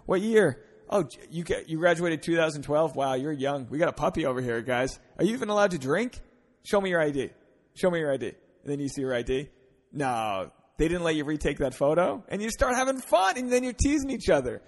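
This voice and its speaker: A man's voice: a little high, fairly quick. A man in his thirties from Rhode Island, a stand-up comedian hosting a solo podcast, talking casually and profanely and acting out pickup lines. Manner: profane, animated, acts out bar pickup lines.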